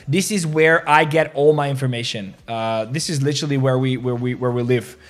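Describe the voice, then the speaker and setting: Excitable rambling male crypto host. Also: mid-range voice, a little fast. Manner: rambling and excitable, reads social media posts aloud with laughs. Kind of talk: casual crypto market commentary.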